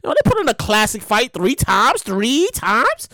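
A woman hosting a podcast in a casual monologue, with a loud voice and an animated, profane way of talking. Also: a little high, normal speed, no echo. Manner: animated, profane, acts out quotes in bursts. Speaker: podcast host.

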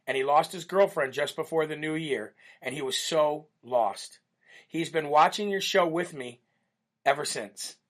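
A man's voice: fairly high pitch, a bit bright. An American man hosting a talk show, reading listener letters and talking in a brash, emphatic, preachy way. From United States. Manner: reads listener letters aloud. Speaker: host.

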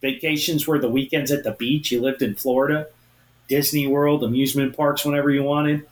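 A man co-hosting a podcast, telling a story in a casual, animated way and acting out what others said. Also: medium pitch, a little fast, reverberant. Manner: animated, acts out quotes of others. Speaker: podcast co-host.

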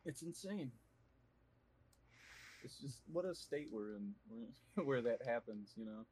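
A young man co-hosting a casual chat while gaming in his bedroom, crude and excitable, swearing a lot, on a boom mic. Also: measured pace, a little hiss or hum, low-quality recording. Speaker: podcast co-host and gamer. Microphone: boom mic above his shoulder.

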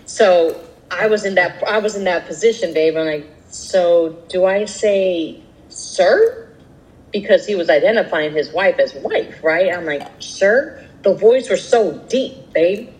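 Animated low-voiced woman telling stories. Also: normal speed, rough recording. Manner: animated storyteller, acts out voices in quotes. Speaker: podcast co-host. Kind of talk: casual chat, storytelling.

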